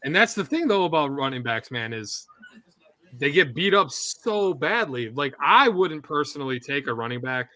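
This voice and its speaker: A man's voice: fairly high pitch, sing-song, moderate pace, sharp tone, dry recording. A man co-hosting a live sports stream, talking in a loose, rambling, chatty way. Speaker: sports show co-host. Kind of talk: casual live-stream chat. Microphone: headset or earpiece monitoring a TV feed.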